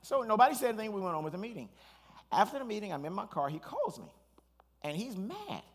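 A man, a pastor, preaching a sermon in an animated storytelling way, with asides and restarts. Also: high voice, fast talker, slightly rough.

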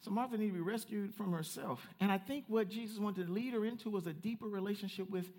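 High-voiced, lively man preaching. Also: quick pace. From United States. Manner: animated preacher, playful asides to the congregation. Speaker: pastor. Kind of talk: sermon.

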